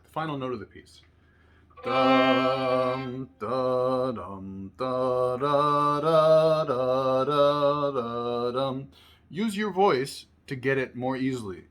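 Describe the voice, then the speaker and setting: A man's voice: mid-range voice, husky. A man teaching a music lesson, patiently explaining phrases and sometimes singing rhythm syllables. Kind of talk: instructional lesson with sung syllables. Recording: loud violin music in background. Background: violin playing.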